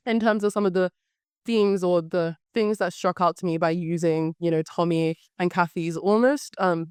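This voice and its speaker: A young woman hosts a casual book podcast, her voice slightly hoarse yet smooth and resonant. She talks animatedly and repeats words for emphasis. The sound is dry and close, with no room echo. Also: lowish voice, steady tone, normal speed, a little mellow. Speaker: podcast host.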